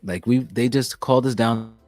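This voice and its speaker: A young man as a podcast guest, chatting casually and telling animated, profane stories. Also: mid-range voice, moderate pace, no room sound, faint music behind. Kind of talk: casual chat.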